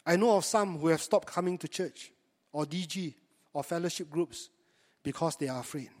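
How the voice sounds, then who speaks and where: Pastor preaching in a reverberant hall. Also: male voice, a little high, normal speed. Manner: conversational, asks the congregation rhetorical questions. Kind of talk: sermon.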